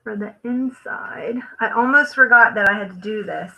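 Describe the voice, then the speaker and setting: This craft livestream host talks with vocal fry in a bright, forceful, medium-pitched voice at a moderate pace. She is chatty, thinking aloud as she works and letting sentences trail off. The recording is rough.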